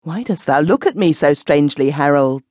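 A woman voicing a spirited, loving young noblewoman in archaic speech, earnest and lively. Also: low-pitched, normal speed, no room sound, studio quality.

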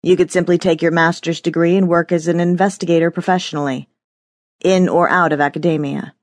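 A woman's voice: fairly low pitch, fairly even intonation, a little fast, dry recording, close to an everyday voice. A woman voicing an arrogant male thesis professor who talks down to his student in a patronizing, dismissive way. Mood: lecturing.

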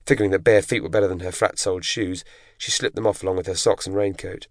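A man narrating an audiobook in a measured, dramatic storytelling manner. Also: deep voice, steady tone, dry recording. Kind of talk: scripted narration. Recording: dry close studio recording.

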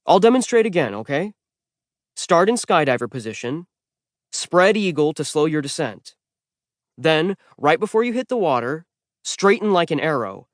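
A man's voice: a little high, big pitch swings, normal speed, no room sound, clean studio sound, pitched above the performer's own voice. Man doing an easygoing teen hero. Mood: coaching. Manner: coaching, encouraging, easygoing. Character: patient laid-back teen demigod, male. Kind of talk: audiobook character voice.

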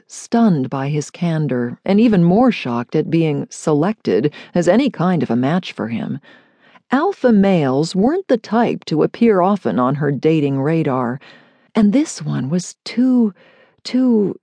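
Lady reading a romance audiobook, lowish mellow voice, dry close mic, wry and expressive. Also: a little slow, no room sound. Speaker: audiobook narrator. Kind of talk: audiobook narration of a romance novel.

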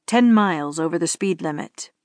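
A stern, tall male police officer, as a woman narrator lowers her voice for him, firm and measured with a patient, patronizing calm. He is dry and close, in an audiobook reading. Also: no room sound, natural voice.

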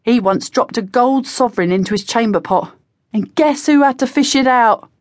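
A woman's voice: on the high side, normal speed, no room sound, studio quality, pitched above the performer's own voice, close to an everyday voice. A woman voicing a cocky, slangy teenage boy spy who talks in a breezy, conspiratorial way. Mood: sly. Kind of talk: audiobook character voice.

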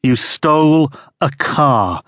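A man voicing a muffled masked captor who speaks slowly and taunts with controlled anger. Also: medium pitch, lively intonation, a bit bright, dry recording, studio quality, pitched above the performer's own voice. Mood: cold anger. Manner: slow, measured and taunting.

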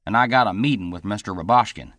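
A man's voice: fairly low pitch, fast, a bit bright, no echo, close to an everyday voice. A man narrator voicing a confident, friendly cowboy who speaks in a drawl. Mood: easygoing.

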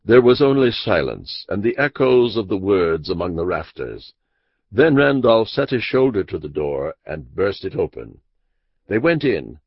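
A man narrating a classic mystery audiobook in a measured, expressive storytelling manner. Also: low voice, husky, no echo. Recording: dull dry lo-fi audiobook recording.

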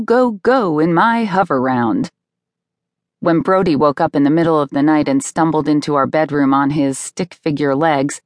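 Low-voiced lady reading her memoir, wry and dry, close studio mic. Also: no echo. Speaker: audiobook narrator. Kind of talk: scripted narration.

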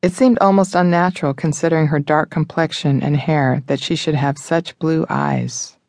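A man narrating a thriller audiobook in the first person, in a measured, even manner. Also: a little high, no room sound, studio quality.

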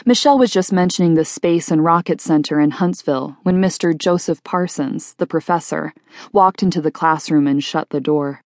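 A woman reads a first-person novel aloud in a plain, steady storytelling way. Her voice sits notably low for a woman, and the recording is dry and close. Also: moderate pace, dry recording. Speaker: audiobook narrator. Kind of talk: first-person audiobook narration.

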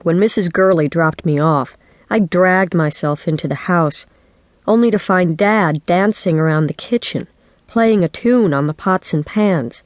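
A woman narrating a children's book in the first person, with lively, wry storytelling. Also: lowish voice, measured pace, no room sound. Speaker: audiobook narrator. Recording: dry studio audiobook.

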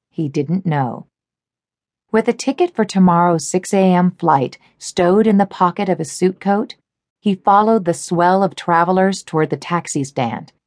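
Low-voiced woman narrating a novel. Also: no echo, studio quality. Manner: even, measured storytelling. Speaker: audiobook narrator. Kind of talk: scripted narration.

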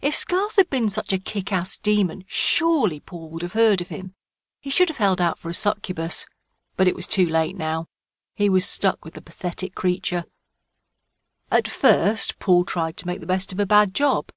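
A woman reads a comic fantasy audiobook in a wry, storytelling voice. Her pitch sits a little low and the sound is dry and close to the mic. The telling is steady and amused. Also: moderate pace, no echo. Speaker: audiobook narrator. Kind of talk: scripted audiobook narration.

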